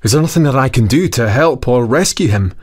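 A man's voice: mid-range voice, lively intonation, a little fast, voice pushed up, natural voice. A man voicing a brave, eager knight who speaks in an urgent, commanding way.

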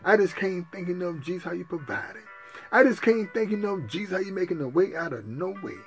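A man's voice: high voice, animated, brisk, faint music behind. A male preacher, praying fervently and calling out to his sisters and brothers in a sermon. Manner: fervent preaching, repetitive cries to Jesus; addresses listeners as sisters and brothers. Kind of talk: sermon and spoken prayer.

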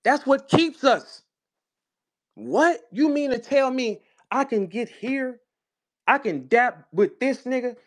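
A man's voice: very high voice, lively intonation, measured pace. A man with a St. Louis accent, a battle rapper talking casually in a live audio room, boastful, profane and preachy. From St. Louis, USA.

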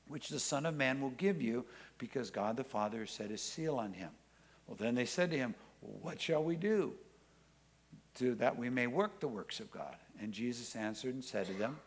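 Man preaching a lively sermon. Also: mid-range voice, moderate pace, breathy edge. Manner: expressive preaching, reads scripture aloud and acts out the voices in it. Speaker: pastor. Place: church.

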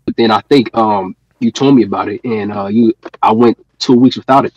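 A man rambling quickly through a casual comedic call, full of fillers and restarts. His voice is husky and comes through a muffled, dry line. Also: fairly low pitch, steady tone, a little mellow, dry recording. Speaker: caller on a live stream.

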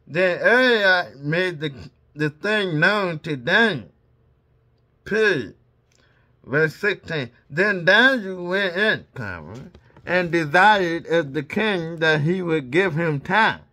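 A man's voice: sits high, pushed and bright. A man reading scripture aloud, speaking every punctuation mark and breaking off for casual asides between verses. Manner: reads punctuation marks aloud. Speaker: Bible reader.

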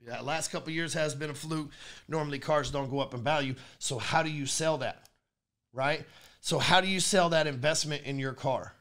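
A man hosting a sales podcast, talking in a brash, profane, rapid monologue. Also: a little high, fairly bright tone.

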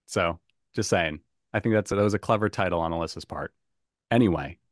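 A man's voice: sits low, brisk, no echo, studio quality. A man hosting a casual podcast quiz game, upbeat and chatty, who laughs often. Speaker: game show host.

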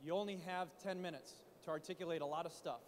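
Animated high-voiced man coaching from a stage. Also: fast, in a large hall, slight background noise. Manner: animated, rhetorical questions, coaching. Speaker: conference speaker. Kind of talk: startup pitch talk. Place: conference stage in a large hall. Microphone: handheld mic.

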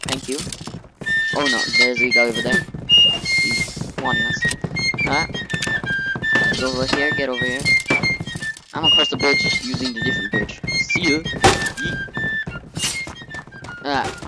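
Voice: mid-range voice, huge pitch swings, moderate pace, pauses often, poor audio. A gamer giving casual let's-play commentary on a desk mic, playful and over-dramatic, talking himself through each fight by repeating words. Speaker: gamer playing online. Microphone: own desk mic, sometimes bumped. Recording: loud game music behind the voice. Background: loud game music.

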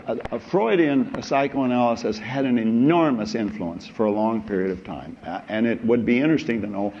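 Older male professor, rambling wry lecturer, mid pitch; dull lo-fi lecture-hall recording. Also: dark tone, a little hiss or hum. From United States. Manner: wry, rambling, chuckling asides. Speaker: philosophy professor. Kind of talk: anecdotal university lecture.

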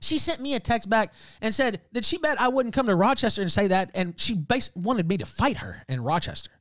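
Man, high voice, lively swooping pitch, profane heated rant, laughing, livestream host. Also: fairly quick, dry recording. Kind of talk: ranting casual talk.

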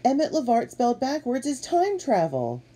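A woman's voice: high-pitched, huge pitch swings, moderate pace, dark tone, slightly rough, pitched above the performer's own voice, heavily acted. A woman voicing a caring young boy who leads his friends and calls out to them. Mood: calling. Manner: calling out, caring. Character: caring boy leader of a club.

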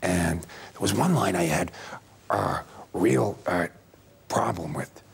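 A man playing a parody of a famous aging film actor, talking in a husky, murmuring, rambling way full of half-whispered asides in a comedy sketch. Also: low-pitched, slow, full character voice. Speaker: celebrity acting teacher in a sketch.

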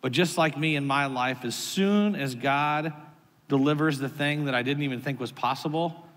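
A man in his thirties, a pastor preaching a sermon in a church auditorium, telling a family story in an animated way and acting out his son's complaints. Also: fairly high pitch, normal speed. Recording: long hall reverb.

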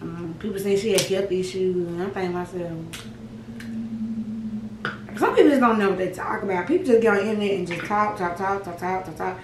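A woman's voice: medium pitch, fairly quick, reverberant, far from the mic, noisy background. A young woman vlogging to camera while eating, chatting to viewers in a folksy, laughing way with asides like "child" and "baby". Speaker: mukbang vlogger.

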